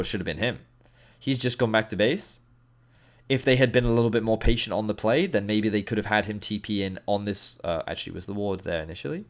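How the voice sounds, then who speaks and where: A man giving an animated, emphatic game review commentary as an esports analyst, with playful asides. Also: on the low side.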